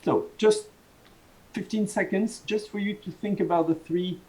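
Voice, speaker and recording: Southern French lecturer, high-ish voice, loose and stumbling delivery, online class. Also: male voice, fairly even intonation, unhurried, darkish tone, poor audio. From Southern France. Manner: rambling, many restarts, chuckles between points. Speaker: university lecturer. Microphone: video call.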